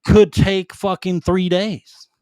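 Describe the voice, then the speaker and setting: A man, co-hosting a casual podcast and telling stories in a loud, animated way, swearing constantly. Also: high-pitched, slow, no room sound, clean studio sound. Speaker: podcast co-host, military veteran. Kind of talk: casual profane storytelling.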